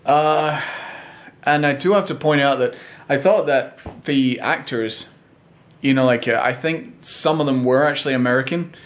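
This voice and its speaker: A man's voice: medium pitch, normal speed. Rambling man chatting on a home vlog. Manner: rambling, full of uh and um. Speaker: vlogger. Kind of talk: casual chat.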